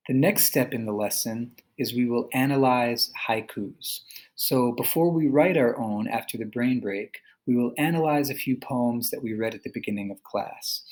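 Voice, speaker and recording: A young adult man, a teacher, narrating a recorded online lesson, slowing down patiently to sound out words. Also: mid-range voice, darkish tone, low-quality recording.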